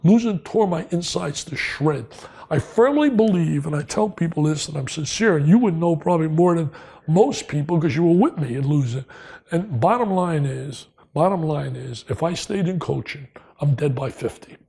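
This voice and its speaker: Excitable older man with a husky voice. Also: fairly high pitch, normal speed. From New Jersey. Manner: excitable, emphatic, repeats lines for punch. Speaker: guest. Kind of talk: storytelling interview.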